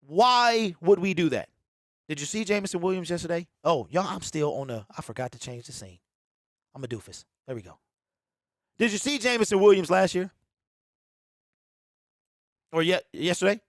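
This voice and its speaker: Excitable high-voiced man. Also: moderate pace, pauses often, no echo, studio quality. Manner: excitable, repeats himself, mocks fans in a mimicking voice. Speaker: sports show host. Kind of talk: casual live sports talk.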